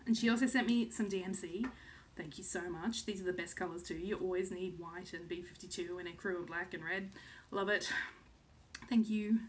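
A woman's voice: fairly low pitch, normal speed, slight background noise. A woman in her thirties from Australia chatting casually to camera as a cross-stitch vlogger, full of "um"s and second-guessing herself. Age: 30s.

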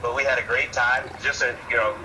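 An enthusiastic man calls in as an author guest, with a mid-pitched voice. He comes through a speakerphone with noticeable noise around him. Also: little pitch movement, brisk. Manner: upbeat, enthusiastic. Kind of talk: call-in guest talk.

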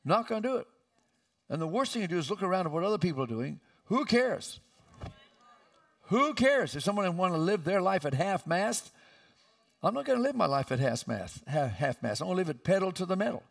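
A male pastor preaching a sermon with emphatic delivery and sudden loud, high outbursts, recorded in a church sanctuary. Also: sing-song, a little fast, gravelly, far from the mic.

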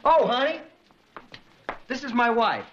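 A man's voice: very high voice, animated, unhurried. A man in his thirties playing a wisecracking, flustered radio disc jockey in a 1960s sitcom. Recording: lo-fi 1960s TV audio, hiss.

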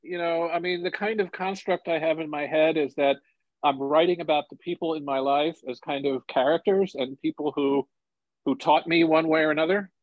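A man in his sixties, a journalist and author, telling stories and reflecting in a relaxed interview conversation. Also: fairly high pitch, normal speed, dry recording. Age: 60s. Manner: storytelling, animated, relaxed and reflective. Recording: dull lo-fi sound, dry.

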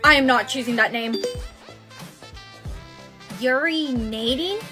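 A woman's voice: high-pitched, animated, normal speed, music in the background. A young woman acting out comedy skit dialogue with bubbly, dramatic delivery. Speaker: skit creator playing several parts.

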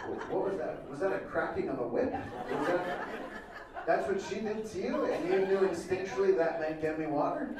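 Male comic doing crowd work, slightly high voice, echoey hall, loud laughing crowd. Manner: teasing, playful, quick banter with audience members. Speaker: comedian. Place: event hall with a laughing audience. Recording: roomy, distant mic with loud crowd laughter.

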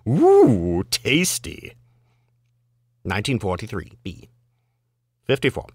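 A man's voice: mid-range voice, very animated, unhurried, a bit bright, no room sound, studio quality. A man reading bawdy limericks aloud, chuckling and adding amused asides, swooping into mock voices for the quoted lines. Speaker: reader.

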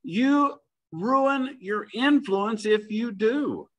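High-voiced male preacher, conversational. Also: lively intonation, a bit bright, highs cut off. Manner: conversational, slows down to stress key phrases. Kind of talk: sermon. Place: church.

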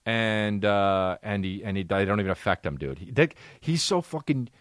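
A man's voice: on the low side, lively intonation, moderate pace, no echo, clean studio sound. A man hosting a podcast, telling a comic story with a profane, exasperated, punchy delivery. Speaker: podcast host. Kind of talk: comedic storytelling monologue.

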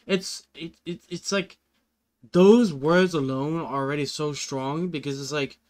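A young-sounding man with a fairly high, smooth, clean voice talks through a song reaction. He rambles in an earnest, easygoing way and keeps filling gaps with "like" and "you know". It sounds like an informal video rather than a script. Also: unhurried, a little mellow. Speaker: music reaction video host. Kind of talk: casual reaction commentary.

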